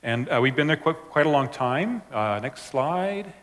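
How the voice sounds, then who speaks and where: A man's voice: on the high side, animated, normal speed, fairly bright tone. A man presenting a slide talk to a church audience, casual and hesitant with fillers. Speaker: missionary presenter. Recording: reverberant hall.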